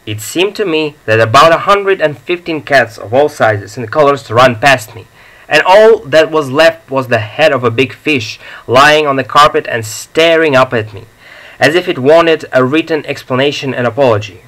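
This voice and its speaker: A man narrating a comic story as an audiobook in a measured, deliberate reading. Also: medium pitch, animated, pushed and bright, rough recording.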